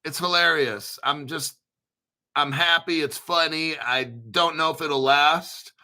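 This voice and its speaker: A man hosting a casual crypto livestream, rambling excitedly with frequent laughs and restarts. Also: a little high, slow pace.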